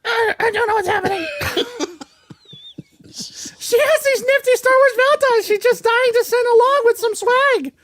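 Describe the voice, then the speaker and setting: A woman voicing a cheeky googly-eyed puppet, reading a comic plug in a shrill, bossy, pleading voice. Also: unhurried, long pauses, a bit bright. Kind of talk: comic ad read in a character voice.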